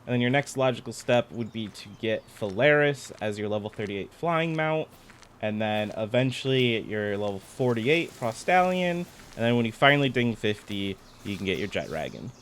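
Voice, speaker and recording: A man's voice: medium pitch, animated, moderate pace, fairly bright tone, slight background noise. A man giving casual gameplay commentary, chatty and explaining things step by step as he plays. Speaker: gaming content creator.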